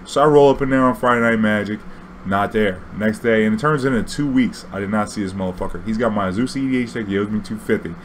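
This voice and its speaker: Profane low-voiced man telling a story. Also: fast, a little hiss or hum. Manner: profane, animated, acts out dialogue. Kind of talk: casual storytelling.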